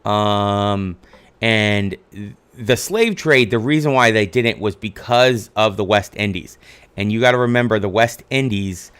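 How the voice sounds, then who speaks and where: A man's voice: fairly low pitch, measured pace, a bit bright, clear, resonant tone. A man teaching a history lesson over slides, talking in a casual, rambling way with many fillers and frequent "right?" checks.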